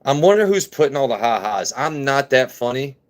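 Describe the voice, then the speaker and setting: A man's voice: mid-range voice, very animated, a little fast. A man hosting a casual whiskey-tasting live stream, joking and greeting viewers in chat. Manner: jokey, chatty, reads and greets chat. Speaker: livestream host reviewing whiskey.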